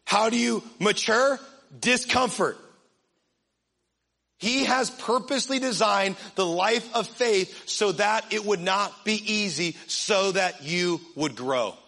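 A young man preaching a sermon to a congregation, energetic and joking, acting out funny little scenes. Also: sits high, slow pace, gravelly. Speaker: pastor.

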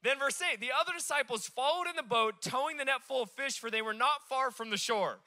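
A man preaching from a stage, with a high, very bright voice and an animated, joking delivery. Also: a little fast. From Alaska. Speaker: pastor. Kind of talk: sermon.

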